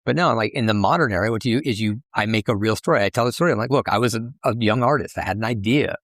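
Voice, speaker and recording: A middle-aged man, a guest on a podcast, tells animated anecdotes about his sideshow life, often restarting his sentences. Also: on the low side, fast talker, no room sound, clean studio sound. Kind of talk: casual interview storytelling.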